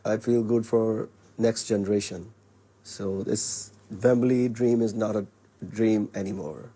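A man's voice: on the low side, fairly even intonation, warm tone, husky. Earnest man with a Punjabi accent. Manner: halting, earnest, many fillers. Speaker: singer. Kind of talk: interview answers.

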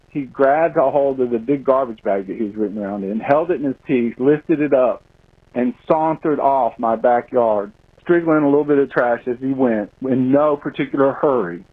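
Male caller, lively anecdote over a phone-line sound. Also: medium pitch. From Florida, US. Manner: animated storyteller, acts out his shouts. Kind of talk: telling a story on a call-in line.

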